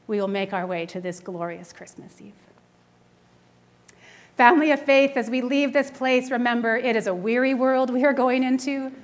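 A woman in her forties preaches in a church, keeping her sermon chatty and full of stories. Her voice sits a little high, and her delivery is animated, with frequent laughter running through it. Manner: animated, conversational, laughs often. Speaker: minister. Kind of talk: storytelling sermon. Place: church sanctuary.

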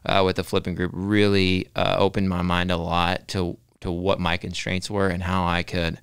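Man, low voice, very clear, earnest podcast guest, dry close mic. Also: little pitch movement, normal speed, a bit bright, dry recording. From Texas. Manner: earnest, repeats words while thinking, says "right?" and "man". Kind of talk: casual podcast interview.

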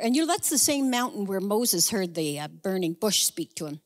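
A woman pastor preaching a sermon in a conversational way, with chatty asides and animated retelling. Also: mid-range voice, normal speed, few pauses. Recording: long echoey hall reverb.

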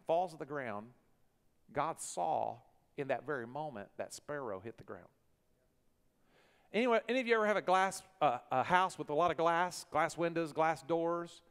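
A pastor preaching a sermon, swinging from hushed lines to loud bursts. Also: male voice, fairly high pitch, smooth. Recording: long church hall reverb.

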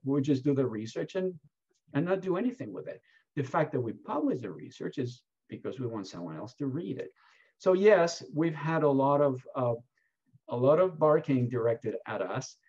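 A man answering questions as an award keynote speaker, telling stories in an animated, emphatic way. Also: medium pitch, slightly rough, dull audio. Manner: animated, lively storytelling with emphatic rises.

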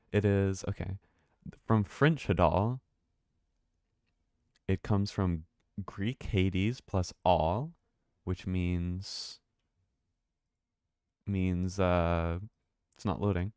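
Male streamer, low voice, dry close mic, rambling commentary. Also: darkish tone, clean tone, no room sound. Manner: rambling, thinking aloud, swears casually. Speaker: game streamer. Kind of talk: casual live-stream commentary.

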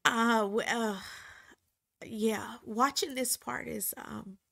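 A woman who was once a reality TV cast member reflects emotionally and earnestly, halting at times and repeating phrases for emphasis. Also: on the high side, steady tone, gravelly, a bit bright.

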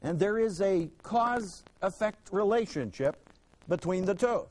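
A man teaching scripture to a classroom, his voice pitched high for a man and swinging widely up and down. He hammers key words through repetition and keeps tossing questions to his students. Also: lively intonation, unhurried, a little mellow, rough recording. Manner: emphatic, rhetorical questions, repeats words for stress. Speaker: Bible teacher. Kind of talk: classroom Bible lesson.

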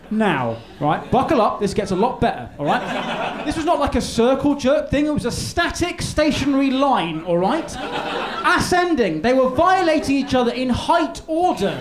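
A man's voice: very high-pitched, big pitch swings, moderate pace. A man doing live stand-up, telling a rambling story with stammers and restarts. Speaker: stand-up comedian. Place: live comedy venue. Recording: echoey live room with noise.

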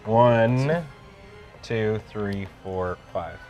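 A man's voice: lowish voice, drawn-out words, lo-fi sound, music in the background. A man playing a board game with friends, counting his moves aloud and laughing often. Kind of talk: casual game-night chat.

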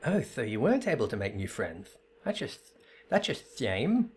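A man's voice: mid-range voice, huge pitch swings, moderate pace, slightly rough. A man voicing a bubbly, trigger-happy young female assistant in a perky, eager, raised voice for a fantasy game read-through. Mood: cheery.

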